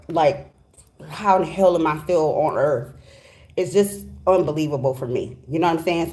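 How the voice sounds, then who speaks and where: A woman's voice: sits low, darkish tone. A middle-aged woman giving a casual, heartfelt tarot reading, emphatic and chatty, often asking "okay?". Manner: emphatic, chatty, heartfelt, repeats "okay?" and "you know what I'm saying". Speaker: tarot reader.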